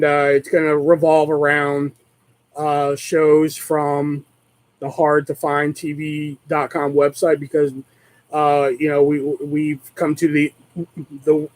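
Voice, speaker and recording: A man hosting his own live stream talks in a loose, rambling way. He swears nearly every sentence, and his voice sits a little high for a man. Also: rough recording. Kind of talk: casual live stream chat.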